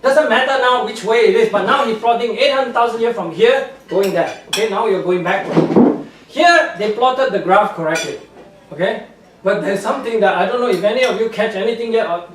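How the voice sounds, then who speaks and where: A man giving a public lecture with slides, speaking animated, scornful English with non-native grammar and laughing at his own points. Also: high voice, a little fast. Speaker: guest speaker, scientist. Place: lecture room with audience. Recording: echoey hall from far off.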